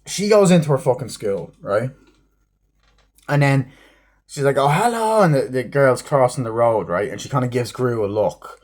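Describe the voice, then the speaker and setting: A man giving a rambling, profane spoken movie review, acting out scenes in quick snippets. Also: medium pitch, expressive, darkish tone.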